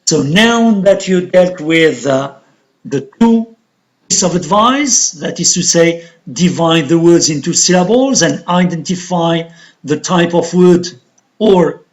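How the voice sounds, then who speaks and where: Slow, lively-pitched man teaching English. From Algeria. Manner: slow, deliberate explanation, counting syllables aloud. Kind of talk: classroom lesson on word stress.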